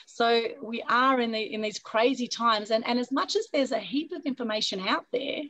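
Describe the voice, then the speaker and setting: A woman with a husky voice hosting an online meetup, energetic and coaxing, often adding "right?" over a video call. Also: a little high, normal speed, poor audio. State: husky from a recent flu. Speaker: meetup host. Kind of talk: upbeat motivational talk on a video call.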